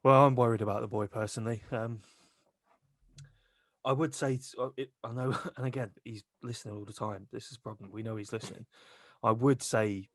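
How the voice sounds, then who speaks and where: A mid-pitched man chats casually on a podcast, asking questions and making wry, dry remarks. His voice is recorded close in a dead, dry room. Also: fairly even intonation, a little fast, no room sound. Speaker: podcast co-host. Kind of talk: casual chat.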